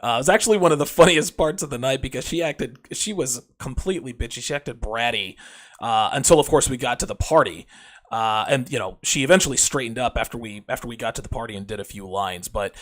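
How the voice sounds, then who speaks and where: A man's voice: medium pitch, fast, a bit bright. A man hosting a show, delivering a brash, crude, lecturing monologue straight to his listeners. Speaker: podcast host.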